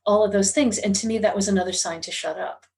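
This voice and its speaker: This is a middle-aged woman with a voice of ordinary pitch, talking as a guest on an interview podcast. She tells a personal story in an earnest, confessional manner. Her delivery carries a steady undercurrent of emotion. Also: quick pace. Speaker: guest, psychic medium.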